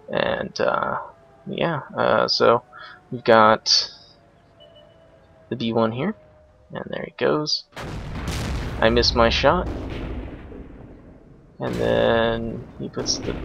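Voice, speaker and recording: A young man casually commenting over a replay of his own game match, explaining each move in a relaxed way with frequent ums and uhs. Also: medium pitch, creaky. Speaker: gameplay commentator. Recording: dull lo-fi recording with faint noise.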